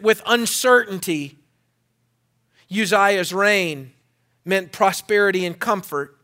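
A male pastor preaching a sermon to his church, repeating phrases, swelling loud for emphasis and dropping to quiet intensity. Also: sits high. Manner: preaching with repetition, rising to loud emphasis and dropping to hushed tones.

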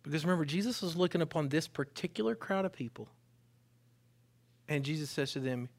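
Man, pastor, gravelly voice, slightly high pitch, animated sermon delivery. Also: fairly quick. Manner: animated, preaching with rising pitch and volume.

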